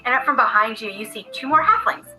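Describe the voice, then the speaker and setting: A woman game master narrates a tabletop game in a bright, fairly high voice, talking casually and rambling with plenty of fillers. Faint music plays behind her. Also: sing-song, fast talker, rough recording.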